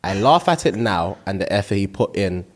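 Man, casual podcast co-host, reads comments aloud, laughs a lot, animated pitch. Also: normal speed.

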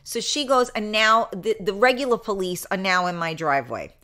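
Bright-voiced chatty woman hosting live. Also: mid-range voice, lively intonation, normal speed. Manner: chatty, blunt, swears freely, laughs often. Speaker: talk show host. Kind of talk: live solo talk show, storytelling.

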